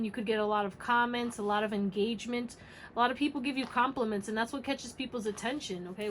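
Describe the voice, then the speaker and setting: A woman's voice: a little high, a little hiss or hum, poor audio. A woman doing a casual tarot reading, talking bluntly and emphatically and swearing freely. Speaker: tarot reader.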